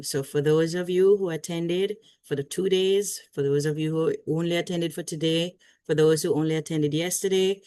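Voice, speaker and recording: A Jamaican woman moderating an online conference, wrapping up with chatty thanks and frequent laughter over a video call. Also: sits low. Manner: chatty, warm, laughs often. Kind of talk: casual closing remarks.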